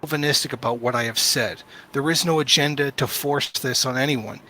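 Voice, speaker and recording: A man's voice: mid-range voice, steady tone, a little fast, pushed and bright, no room sound. A man in a played clip making a firm, lecturing political statement.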